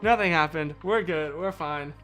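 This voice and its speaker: A man chatting casually on a livestream, rambling and cutting himself off, on a boom mic kept out of shot. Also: moderate pace, soft background music. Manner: rambling, animated, self-interrupting.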